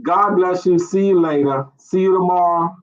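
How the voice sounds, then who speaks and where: A man's voice: high-pitched, normal speed. A man preaching an online sermon, asking rhetorical questions and repeating phrases. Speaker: pastor. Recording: dull lo-fi stream audio.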